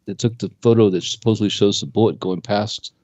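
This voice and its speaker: A man co-hosting a talk radio show in a loose, conversational way. His voice sits fairly low but leaps upward whenever he drives a point home. The sound is dry and slightly dull. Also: brisk, no echo. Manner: animated, jumps pitch when making a point. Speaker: co-host. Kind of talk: casual conspiracy talk radio chat.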